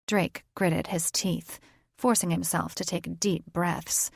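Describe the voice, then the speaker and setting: A woman reads a fantasy audiobook in an even, deliberate way, her voice a little low and the pace very slow. The recording is close and dry, with no room sound. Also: creaky, husky, no echo. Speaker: audiobook narrator. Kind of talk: scripted fantasy narration.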